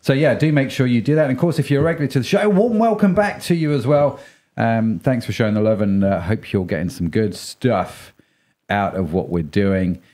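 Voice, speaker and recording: A man's voice: mid-range voice, expressive, brisk, a little mellow. A man co-hosting a podcast in a chatty, playful, rambling way. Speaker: podcast co-host. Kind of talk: casual chat.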